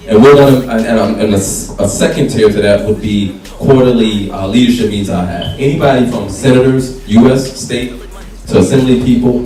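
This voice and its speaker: A man with a lowish, mellow voice, running for council, addresses a crowd with a fiery, plain-spoken campaign speech at a community hall meet and greet. The recording is echoey, he is far off, and music plays faintly underneath.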